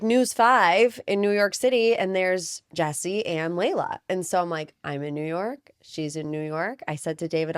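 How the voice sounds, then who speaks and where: A woman co-hosting a podcast, telling a story in casual chat with quick quoted asides. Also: lowish voice, clean tone, no room sound, clean studio sound. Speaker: podcast co-host and interviewer.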